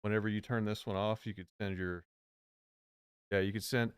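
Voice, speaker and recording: A man's voice: lowish voice, steady tone, a little fast, clean tone, no room sound, studio quality. A man co-hosting a live chat stream, laid-back and joking, rambling through his explanations. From Virginia. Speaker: co-host.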